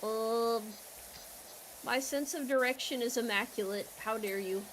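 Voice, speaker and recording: A young woman with an American accent streaming a game, talking to her chat in a loud, playful, teasing way. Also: on the high side, a little slow, slight background noise. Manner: playful, loud and teasing with chat, trailing into quiet mock apologies.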